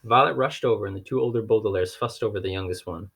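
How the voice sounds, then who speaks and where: A man with a low voice reads a children's novel aloud. His narration is steady and wry, with an occasional restart. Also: fast, creaky, breathy edge. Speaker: audiobook reader.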